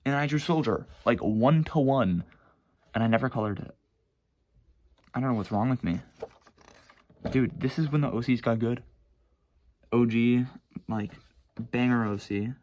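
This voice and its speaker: A man's voice: mid-range voice, a little slow, long pauses, a little mellow, slight background noise. A teenage boy casually rambling about his own sketchbooks at home, swearing and mocking himself. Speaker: vlogger showing his sketchbooks. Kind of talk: casual chat.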